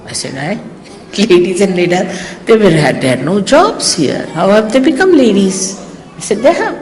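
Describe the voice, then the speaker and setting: An older woman with an Indian accent gives an informal, teasing talk to her followers as a spiritual teacher, acting out little exchanges as she goes. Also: deep voice. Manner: teasing, animated, acts out quoted exchanges. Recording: echoey hall, faint hiss, old archive tape.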